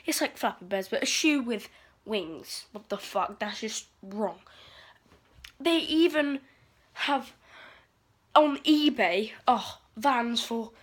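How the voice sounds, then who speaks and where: A teenage girl vlogger rambles through a sweary, exasperated rant. Her voice is on the high side and expressive, yet slow, with long pauses.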